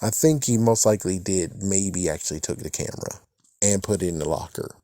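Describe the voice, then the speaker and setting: A man's voice: low-pitched, a little fast, mellow, no echo, clean studio sound. A man giving a casual, rambling recap of a TV episode, swearing casually and chuckling often. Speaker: TV episode reviewer.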